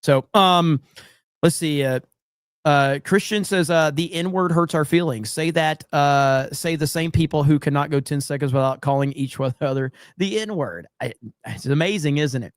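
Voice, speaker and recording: Sarcastic livestream host, slightly high voice. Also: male voice, a little slow, dry recording, studio quality. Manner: sarcastic mock-earnest delivery, blunt and profane; frequent restarts and stammering. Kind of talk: live-streamed talk show reading chat.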